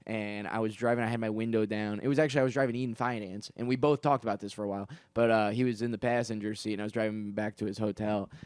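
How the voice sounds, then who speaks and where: A young man spins a comedic story for his podcast, wandering off on tangents and circling back with plenty of "like" and "um." His voice sits a little low, and the sound is dry and close with no room around it. He swears casually and pokes fun at himself as he goes. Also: fairly even intonation, fast, few pauses, a little mellow, smooth, dry recording. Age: young adult. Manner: rambling, digressive, full of fillers and restarts; profane, self-deprecating asides.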